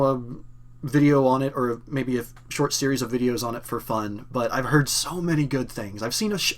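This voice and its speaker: A man's voice: mid-range voice, fairly bright tone. A young man from Kentucky with a faint Southern accent, hosting a casual live-stream Q&A, rambling with lots of fillers and self-corrections. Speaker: channel host.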